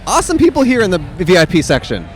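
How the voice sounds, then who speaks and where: A man's voice: high voice, huge pitch swings, fast talker, a faint crowd. A man co-hosting a podcast outdoors at a music festival, joking and riffing with his partner in casual chat. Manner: jokey, banters and riffs. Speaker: podcast co-host. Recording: outdoor noise in the background.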